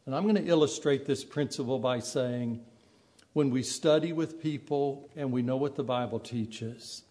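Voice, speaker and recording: A man's voice: medium pitch, mellow. A man preaching a sermon in a conversational way, acting out the quoted voices of the people he describes. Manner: conversational, acts out quoted speech.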